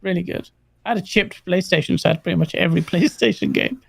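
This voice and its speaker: Gravelly man, dry close sound. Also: high voice, fast talker, dry recording. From London. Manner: laughs often, enthusiastic. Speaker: podcast co-host. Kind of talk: casual podcast chat.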